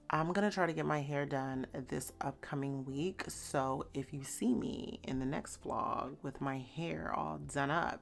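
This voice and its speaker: Young woman vlogger, low gravelly voice, chatty and heartfelt delivery to camera. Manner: chatty and heartfelt, with frequent fillers. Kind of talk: casual talk to camera.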